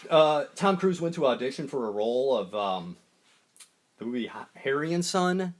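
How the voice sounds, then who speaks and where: A man co-hosting a podcast in casual chat, halting and swearing now and then, working from notes, coughing from smoking. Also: medium pitch, expressive. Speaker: podcast co-host.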